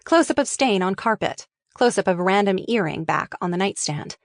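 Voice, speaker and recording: A woman reading a screenplay aloud, running through the stage directions briskly. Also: mid-range voice, animated, no echo. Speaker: reader.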